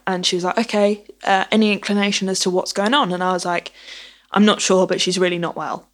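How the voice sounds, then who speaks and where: A woman's voice: mid-range voice, little pitch movement, a little fast. A woman telling a personal story in casual conversation, acting out the dialogue as she goes. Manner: chatty, acts out dialogue with "I was like".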